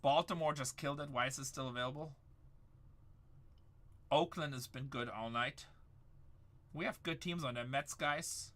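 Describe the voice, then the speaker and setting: A man's voice: mid-range voice, normal speed, long pauses. A middle-aged man hosting a live card break, hyping up the chat and repeating his calls. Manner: hyped, shouts up to the chat, repeats lines.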